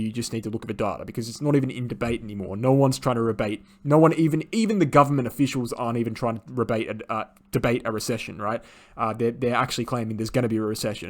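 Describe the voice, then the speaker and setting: Male market analyst, rapid emphatic delivery, mid pitch, lots of fillers. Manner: emphatic, insistent, frequent "right?" and fillers. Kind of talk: chart analysis commentary.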